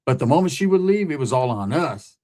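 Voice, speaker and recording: A man's voice: fairly high pitch, very animated, brisk, a little mellow. A man from California, telling a story in casual, street-slang style and often tagging his sentences with "right?". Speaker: host.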